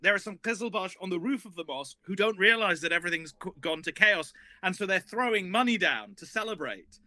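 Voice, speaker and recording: Bright-voiced man telling an animated story. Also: sits high, no echo. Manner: animated, rambling, many restarts. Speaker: guest historian. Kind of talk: casual storytelling.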